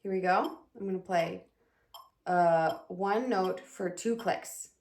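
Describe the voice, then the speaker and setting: A woman gives a casual viola lesson, chatting, counting aloud and singing rhythms while she plays, with her viola and a metronome in the background. Her voice is fairly low and darkish, and she speaks slowly. The room is echoey, and there's a little hiss or hum.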